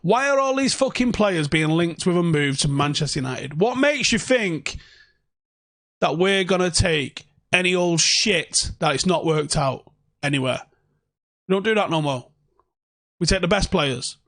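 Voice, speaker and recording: A young man rants through a casual livestream from his home. He swears freely and talks sarcastically. His voice sits a little higher than most men's. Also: expressive, a little slow, a bit bright, no echo, clean studio sound. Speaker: fan channel host.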